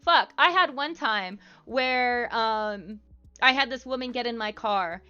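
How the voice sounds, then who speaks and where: A woman's voice: on the high side, slow pace, bright, forceful tone, clear, resonant tone, highs cut off. A woman streamer talking casually to her live chat, with lots of fillers and asides. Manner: chatty, frequent fillers.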